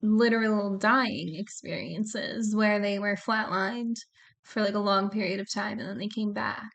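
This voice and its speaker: A woman co-hosting a music reaction, chatting casually with short relaxed replies. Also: medium pitch, measured pace, creaky. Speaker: reaction co-host. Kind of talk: casual chat.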